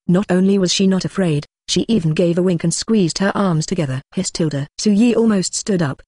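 A text-to-speech audiobook narrator reading a machine-translated web novel in a flat, evenly paced manner. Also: medium pitch, no echo, clean studio sound.

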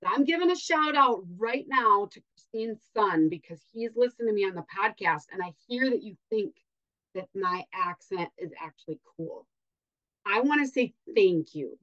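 A woman with a Wisconsin accent hosts a podcast, chatty and upbeat, peppering her talk with fillers. Her voice sits at a middle pitch, and the recording is a little dull. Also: lively intonation, normal speed, fairly bright tone. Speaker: podcast host. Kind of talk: casual podcast intro.

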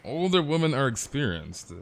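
A man's voice: medium pitch, sing-song, normal speed. A young man streaming a game live, rambling casually with stammered restarts and slang while talking to his chat. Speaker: gaming livestreamer.

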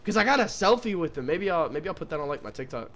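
A man's voice: on the high side, big pitch swings, fast, a little hiss or hum. A man in his twenties rambling and cursing while commenting on his gameplay. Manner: rambling, swears often, loud outbursts at the game. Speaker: gaming streamer.

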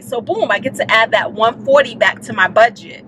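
A woman's voice: a little high, normal speed, few pauses, noisy background. Chatty woman vlogging at home. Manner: chatty, talks straight to viewers with "y'all". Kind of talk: casual home vlog talking to camera. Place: inside a home, walking between rooms.

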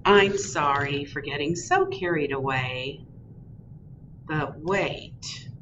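Slow, animated librarian reading to kids. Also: female voice, sits low. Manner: animated, sing-song reading to children. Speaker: children's librarian. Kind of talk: virtual storytime read-aloud. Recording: distant, dull recording with loud background hiss.

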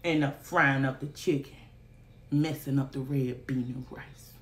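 A woman's voice: a bass voice, fairly even intonation, a little slow, a little hiss or hum. A young woman from Alabama, telling a story dramatically in a casual vlog. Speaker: vlogger.

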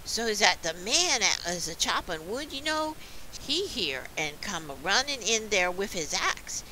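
A woman's voice: medium pitch, big pitch swings, unhurried, pushed and bright, a little hiss or hum. A woman reading a dialect poem aloud with a folksy, childlike storytelling manner. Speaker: reader.

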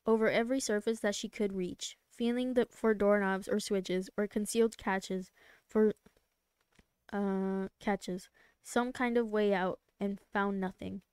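A woman streamer reading a novel aloud live, soft-spoken, now and then stumbling and restarting a word. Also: mid-range voice, steady tone, a little slow, clear, resonant tone, no echo. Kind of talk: live read-aloud narration.

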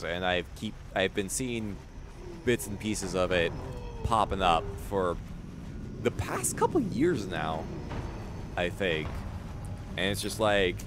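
A man's voice: sits low, noisy background. A man streaming a video game, chatting casually and rambling as he answers chat, chuckling often. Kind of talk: casual gaming livestream chat.

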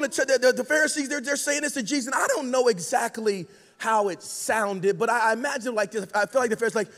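Very high-voiced joking male pastor. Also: fast talker, a bit bright. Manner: slangy, repeats "like", stumbles over words. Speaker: guest pastor. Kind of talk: casual, joking sermon. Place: large church auditorium. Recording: long reverb in a large hall.

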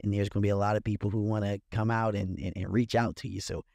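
A man's voice: on the low side, little pitch movement, fast talker, creaky, darkish tone, no echo, studio quality. A man hosting a podcast, upbeat and repeating his praise as he wraps up the show. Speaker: podcast host. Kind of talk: casual interview.

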